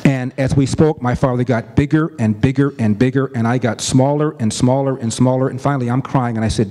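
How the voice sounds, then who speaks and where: Man telling a story in a mellow voice. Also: medium pitch, steady tone. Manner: earnest, deliberate storytelling with emphatic repetition. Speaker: commentator. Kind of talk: storytelling speech.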